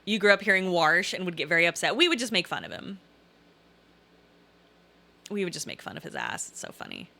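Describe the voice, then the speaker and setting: A middle-aged woman with a faint Southern Illinois twang chats casually on a live stream, reading comments aloud. Her voice is bright and forceful, and she rambles, repeats herself and throws in pleading asides. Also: lowish voice, big pitch swings, brisk, gravelly, pauses often.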